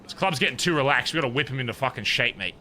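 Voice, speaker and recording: A man livestreaming a roleplay game, chatting casually and ranting loudly with lots of swearing. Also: medium pitch, animated, very fast. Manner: loud, profane, ranting. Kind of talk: casual streaming chat and ranting.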